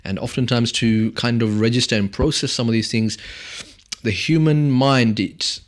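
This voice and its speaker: A mid-range male voice at normal speed hosts a radio talk show from a studio. His casual chat is jokey and rambling, and he laughs often.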